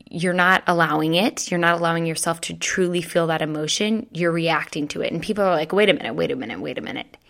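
A woman's voice: fairly low pitch, fairly bright tone. A young adult woman hosting a solo podcast, talking off the cuff in a chatty, conversational way, often asking "right?". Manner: chatty, conversational, frequent "you know" and "right?". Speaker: podcast host. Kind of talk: unscripted solo podcast talk.

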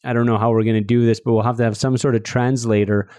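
A man's voice: mid-range voice, level tone, fast talker, mellow, no echo, studio quality. A man hosting a podcast, chatting and teasing his guest in a casual interview. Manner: joking, teasing. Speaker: podcast host.

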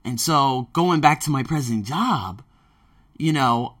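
A man hosting a casual monologue podcast as a language teacher working abroad, telling stories in an animated way and swearing freely. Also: mid-range voice, slow pace. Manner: animated storyteller who acts out his own quotes, swears freely. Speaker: podcast host.

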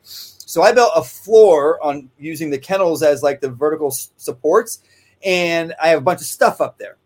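A man's voice: a little high, normal speed, a little mellow. A man who trains dogs, talking casually and rambling, often tagging his sentences with "right?". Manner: rambling, conversational, frequent "right?" asides. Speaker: dog trainer. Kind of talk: casual instructional talk. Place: kennel office.

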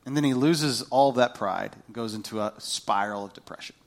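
A man preaching a sermon, animated and playful as he talks to the congregation. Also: medium pitch, brisk, creaky. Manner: animated, jumps into playful voices.

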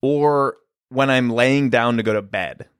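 A man co-hosting a podcast in casual banter, teasing his partner with dry, deadpan asides. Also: medium pitch, a little slow, clean tone, no echo. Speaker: podcast co-host.

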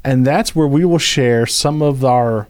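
A man co-hosting a podcast, jokey and halting, laughing easily between thoughts. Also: medium pitch, a little mellow, clean tone. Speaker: podcast co-host. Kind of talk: casual chat.

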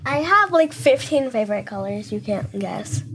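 Young woman, high voice, sassy, rushed fact reading, faint background noise. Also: animated. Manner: sassy, reads facts fast. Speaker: podcast co-host. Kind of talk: playful kids' podcast banter.

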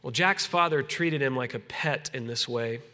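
A man preaching a conversational sermon as pastor, easing soft and slow on solemn points. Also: medium pitch.

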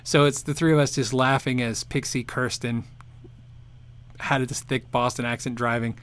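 A man hosting a casual livestream, reading viewer questions and answering with lively, rambling chatter and frequent laughs. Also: mid-range voice, normal speed, a little hiss or hum. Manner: animated, laughs often, rambling restarts.

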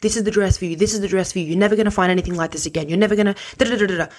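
A woman's voice: mid-range voice, fairly even intonation, racing, darkish tone, close to an everyday voice. A woman voicing a pushy, chattering female bridal sales assistant who gushes over and over in relentless sales patter.

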